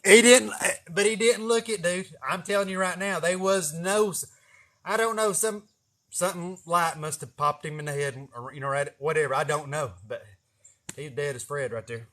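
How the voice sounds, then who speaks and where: A man's voice: a little high, normal speed. A young man, telling a rambling story with lots of cursing and laughing at himself. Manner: animated, profane, laughing at himself. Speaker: vlogger. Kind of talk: casual storytelling.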